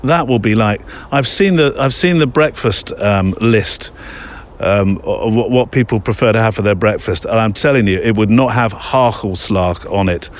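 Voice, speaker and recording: A man's voice: on the low side, normal speed, a little hiss or hum. A middle-aged man hosting a photography podcast in a casual, rambling, self-deprecating way, with many fillers. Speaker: podcast host. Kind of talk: casual chat.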